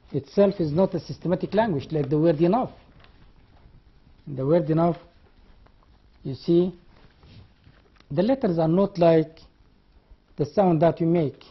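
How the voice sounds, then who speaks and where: This classroom lecture, recorded in dull lo-fi quality, features a Sudanese university lecturer with a husky, medium-pitched voice. He demonstrates sounds, repeats key terms, and spells words out one letter at a time.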